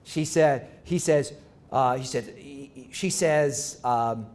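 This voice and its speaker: A male professor giving a lecture in a conversational, halting way, with frequent restarts and rhetorical questions to the audience. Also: on the high side, darkish tone. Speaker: university professor, guest lecturer. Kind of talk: academic lecture.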